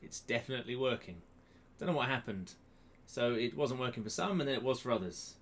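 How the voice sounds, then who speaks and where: A man's voice: mid-range voice, expressive, a little fast, fairly bright tone. A man hosting a quiz live from a room at home, chatty and self-mocking as he greets viewers by name. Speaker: quiz host. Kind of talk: casual live-stream chat. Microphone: webcam close to the face.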